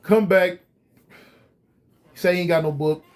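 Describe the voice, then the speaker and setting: A man casually telling a story straight to his viewers, animated and full of slang. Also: sits high, a little slow. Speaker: storyteller recounting prison life.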